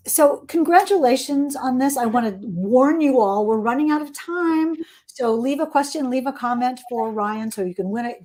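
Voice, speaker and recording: A woman's voice: on the high side, mellow. A woman hosting a livestream interview, enthusiastic and full of praise, reading out viewer questions. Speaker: host and interviewer.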